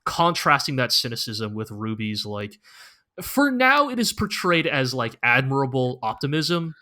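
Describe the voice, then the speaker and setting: A man's voice: mid-range voice, big pitch swings, unhurried, sharp tone. A man co-hosting a podcast in casual chat, talking loosely with lots of filler words and tag questions. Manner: loose and rambling, lots of "like" and "right?". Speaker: podcast co-host.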